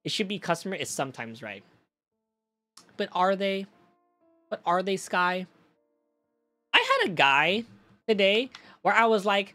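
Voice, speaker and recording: A young man streaming in a casual chat, telling stories in an animated way, swearing freely and talking to his chat. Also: sits high, unhurried, pauses often, faint music behind.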